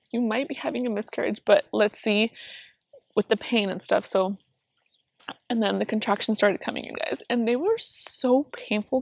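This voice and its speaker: A young woman family vlogger with a creaky, mid-range voice tells viewers a painful personal story. She talks straight to the camera in a candid, chatty way, with lots of fillers.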